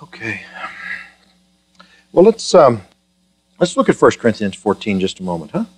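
A man's voice: lowish voice, big pitch swings, moderate pace, breathy edge. A man preaching a sermon to his congregation, joking with them in a chatty way and then building to fervent, emphatic preaching. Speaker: pastor.

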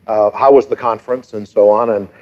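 A middle-aged man preaching a sermon, telling stories and shifting between lively and hushed delivery. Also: lowish voice, brisk, dull audio. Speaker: pastor.

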